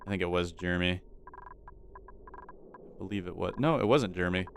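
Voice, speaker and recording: Brisk and creaky, a fairly low male voice commentates his gameplay let's-play style, rambling as he goes. Faint hiss underlies the recording, and this gaming channel host gets frantic, repeating himself when things go wrong.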